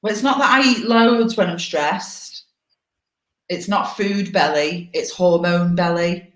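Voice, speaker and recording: A woman's voice: lowish voice, measured pace. A woman in her forties co-hosting a casual live chat over a video call, candid and teasing. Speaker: co-host. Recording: echoey room on a video call.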